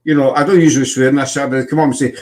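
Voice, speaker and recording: A Scottish man talks in a loose, chatty way, looping back through his stories with plenty of fillers and false starts. His pitch sits in an ordinary middle range for a man. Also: fairly even intonation, very fast, darkish tone. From Scotland. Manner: rambling storyteller with many fillers and restarts. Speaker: podcast host. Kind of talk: casual chat.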